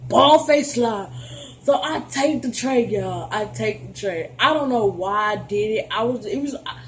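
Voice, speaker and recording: A young adult woman telling a storytime vlog in an animated, profane, sassy way, talking straight to her viewers. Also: fairly high pitch, unhurried, a little hiss or hum. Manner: playful, addresses viewers directly. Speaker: vlogger.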